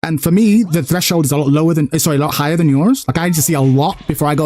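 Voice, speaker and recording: A young man hosting a stream, talking fast and animatedly, arguing his point and acting out quotes in casual chat. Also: a little high, a little mellow. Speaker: streamer host.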